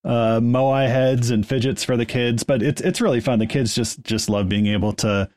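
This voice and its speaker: A chatty man co-hosting a podcast, with a voice of average pitch. He pokes fun at himself and laughs along as he talks through his hobby. The recording is dry and close. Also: steady tone, normal speed, a little mellow, no echo. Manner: chatty, self-deprecating. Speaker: podcast co-host. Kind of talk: casual panel chat.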